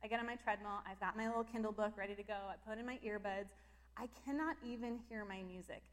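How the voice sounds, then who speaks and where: A woman's voice: mid-range voice, fast. A woman telling a personal faith story in a casual, emotional way, with lots of filler words. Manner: emotional and animated, lots of "like" fillers, breaks into laughter. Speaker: Christian speaker sharing personal testimony.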